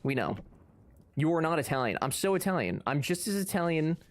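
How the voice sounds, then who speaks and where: A man's voice: fairly high pitch, big pitch swings, fairly quick, slight background noise. A man streaming live, chatting casually and answering his chat with sarcastic, joking banter.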